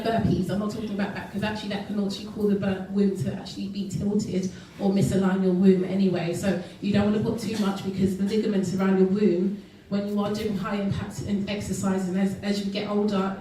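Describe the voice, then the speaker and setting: A woman's voice: medium pitch, level tone, fairly quick, hardly any pauses, dark tone, a little hiss or hum. A woman giving a health talk to an audience at an event, earnest and full of ums and restarts. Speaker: guest speaker. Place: event hall. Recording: echoey hall recorded from far off.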